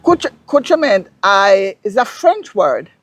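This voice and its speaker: A woman from Jamaica with a Jamaican accent, a guest explaining local words in a casual interview, telling stories in an animated, emphatic way. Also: medium pitch, measured pace, husky, no room sound. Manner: animated storyteller, lively and emphatic.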